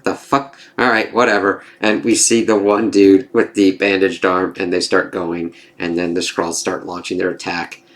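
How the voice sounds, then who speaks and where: A man's voice: low-pitched, level tone, normal speed, few pauses. A man casually reviewing a TV episode, rambling and swearing, with lots of fillers and acted-out quotes.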